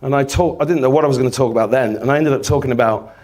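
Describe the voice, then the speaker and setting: At a racing pace and a medium pitch, a man entertains a live audience with stories. He voices the people involved, shouting as they did, and curses freely throughout.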